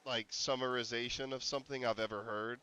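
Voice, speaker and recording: A male streamer talks through his game in a loose, rambling way. His voice is bright and forceful, with a smooth, crisp clarity, and he breaks into laughter and sharp startled yelps. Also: medium pitch, fairly even intonation, fairly quick, poor audio. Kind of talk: casual gameplay commentary.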